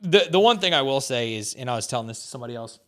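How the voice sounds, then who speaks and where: A man in his thirties talks loosely on a podcast, full of fillers and offhand curses. His voice sits at an ordinary middle pitch. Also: lively intonation, racing, fairly bright tone. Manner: rambling, filler-heavy, casual swearing. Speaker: podcast guest. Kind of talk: casual podcast conversation.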